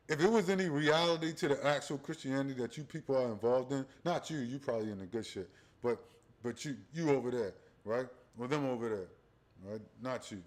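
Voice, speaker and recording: A man hosting a profane religious commentary livestream, rambling and talking straight to his viewers, often tacking on "right?". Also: medium pitch. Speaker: livestream host.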